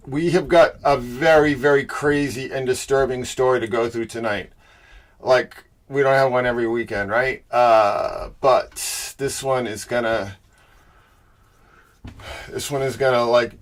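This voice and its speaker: A middle-aged man from the Boston area with a Boston accent, casually greeting chat viewers by name as he opens his livestream. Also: mid-range voice. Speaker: livestream host.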